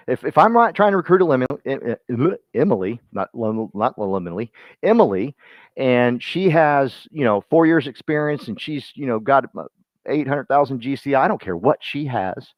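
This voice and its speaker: Man, motivational team talk, folksy, rambling, mid pitch, dull lo-fi dry sound. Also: no room sound. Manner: folksy, rambling, calls on listeners by name. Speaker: team leader speaking to his real estate agents.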